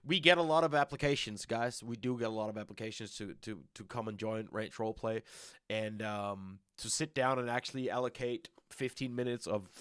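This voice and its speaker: A man's voice: fairly low pitch, fairly even intonation, a little fast, a bit bright, clean tone, no echo, studio quality. A man leading a casual community meeting as a roleplay server's staff lead, talking in a rambling, stop-start way and often repeating words.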